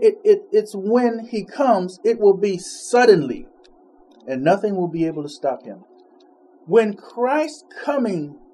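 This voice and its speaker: High-voiced man preaching casually. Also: dark tone, slight background noise. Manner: conversational, laughs between points, reads scripture slowly. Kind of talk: informal sermon.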